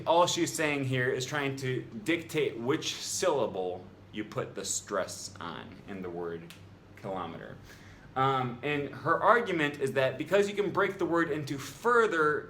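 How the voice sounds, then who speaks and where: A man's voice: on the high side, fairly bright tone, slight background noise. A man making a rebuttal in a vlog about language, argumentative and exasperated, with frequent ums. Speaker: language vlogger.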